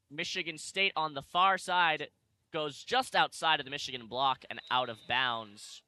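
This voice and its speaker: A young man doing live play-by-play sports commentary, calling the action quickly and correcting himself as he goes. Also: on the high side, pushed and bright, clear, resonant tone, no echo. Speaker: play-by-play announcer. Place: arena broadcast position.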